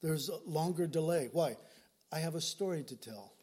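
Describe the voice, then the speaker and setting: A man's voice: on the high side, moderate pace, warm tone, slightly rough. An older male pastor preaching an earnest sermon, telling stories and often repeating words as he speaks. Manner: earnest, storytelling, repeats words when moved.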